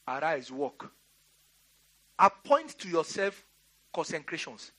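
A man's voice: fairly high pitch, animated, moderate pace, long pauses, fairly bright tone. A middle-aged Nigerian man preaching a sermon, giving emphatic commands and laughing through a storytelling aside. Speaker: pastor. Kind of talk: sermon with personal anecdote.

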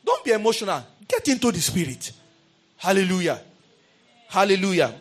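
A middle-aged man preaching a sermon, calling out to his congregation and swinging between quiet asides and raised exclamations. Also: high voice, sing-song, moderate pace, soft background music. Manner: calls out to the congregation. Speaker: pastor.

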